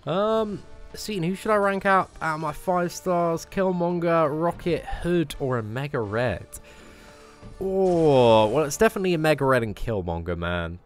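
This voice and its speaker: A young British man casually answering viewer questions on a game live stream, relaxed and chatty, often tagging sentences with "man.". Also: a little high, moderate pace, faint music behind.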